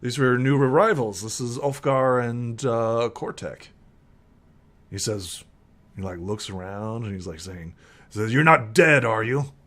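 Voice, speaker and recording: A man narrating as game master in a casual online tabletop session, with lots of fillers and quick switches into character voices. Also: medium pitch, fairly even intonation.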